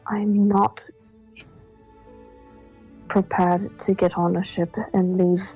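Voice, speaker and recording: A woman's voice: mid-range voice, little pitch movement, dark tone, slightly rough, soft background music, rough recording. Woman playing Fane, an earnest loyal exile. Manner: earnest, halting. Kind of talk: in-character tabletop role-play.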